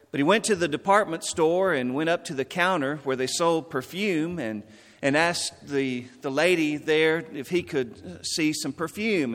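A man preaching a sermon, telling a folksy joke and then slowly repeating key words for emphasis. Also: fairly high pitch, a bit bright, long reverb tail. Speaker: pastor.

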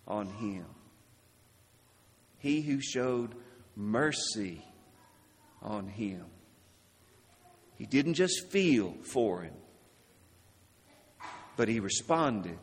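Man, preacher, sermon, slow deliberate delivery, slightly high voice, long hall reverb. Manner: slow, deliberate, drops low and soft on key words.

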